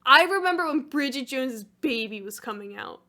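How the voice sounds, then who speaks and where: A young woman co-hosting a podcast, chatty and quick with asides, laughing often. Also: high-pitched, lively intonation, bright, forceful tone. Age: young adult. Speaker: podcast co-host. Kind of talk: casual chat.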